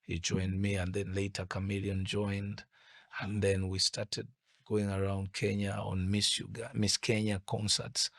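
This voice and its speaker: A man's voice: lowish voice, monotone, unhurried, vocal fry, fairly bright tone, dry recording. A middle-aged man from Uganda, a musician guest telling his story in an interview, reflective and prone to restarting his sentences. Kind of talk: casual interview chat.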